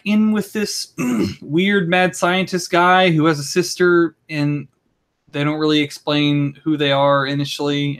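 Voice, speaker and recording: A man on a podcast rambling through an anime recap, swearing often and clearing his throat. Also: fairly high pitch, fairly bright tone. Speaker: podcast co-host. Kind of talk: casual chat.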